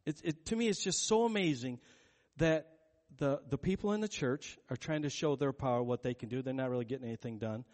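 Here a male pastor with a mid-range, slightly mellow voice speaks briskly, giving a relaxed, conversational sermon. He retells a story, voicing each character's lines, and his words echo with the long reverb of a large hall.

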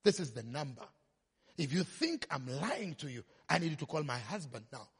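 Husky man preaching with lively pitch. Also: normal speed. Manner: animated storytelling, acting out quoted voices. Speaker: pastor. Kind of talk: sermon storytelling. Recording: long hall reverb.

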